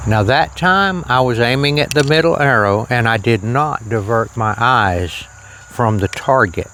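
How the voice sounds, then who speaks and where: Man, slow unhurried delivery, mid pitch, lavalier mic, outdoors, faint rural noise behind. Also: pushed and bright. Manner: slow, plain-spoken, preacherly asides. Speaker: archery vlogger. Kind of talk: casual outdoor demonstration with faith reflections. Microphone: lavalier on shirt.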